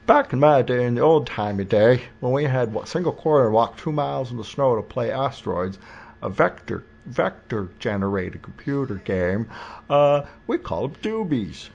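A man's voice: medium pitch, lively intonation, normal speed, gravelly, darkish tone, highs cut off, voice pushed up. A man putting on an old-timey newsreel announcer voice with a theatrical Mid-Atlantic delivery. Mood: pompous.

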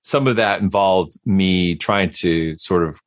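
A man talking casually as a podcast guest, animated and given to repeating words as he starts a thought. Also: deep voice, a little slow, no room sound, studio quality. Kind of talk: casual conversation.

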